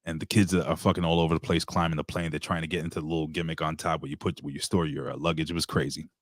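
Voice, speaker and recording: A man hosting a casual show, telling stories excitably with lots of swearing and giving loud, hype-style introductions. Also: rumbling low, rapid-fire, no room sound, clean studio sound. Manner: excitable, profane storytelling with hype announcer intros. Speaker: podcast host. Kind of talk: casual chat.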